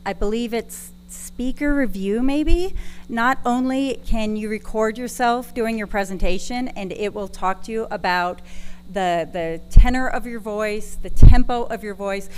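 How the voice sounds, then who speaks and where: A woman's voice: fairly high pitch, measured pace, slight background noise, poor audio. A woman from Texas presenting a conference session, talking in a chatty, self-deprecating way with some restarts. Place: conference room.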